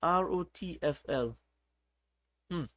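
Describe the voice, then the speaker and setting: A man's voice: on the high side, slow, a bit bright. A man hosting a casual livestream, reading viewers' chat aloud in a playful, teasing way. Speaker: livestream host.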